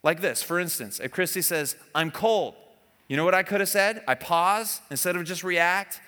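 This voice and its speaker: Bright-voiced pastor in a reverberant hall. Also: male voice, high-pitched, normal speed. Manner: animated, often asks the audience questions. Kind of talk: conversational sermon.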